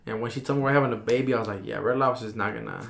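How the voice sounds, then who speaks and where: A young man in his twenties telling a personal story in a casual podcast chat, relaxed and full of slang and fillers. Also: medium pitch, very fast, creaky, crowd noise. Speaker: podcast guest.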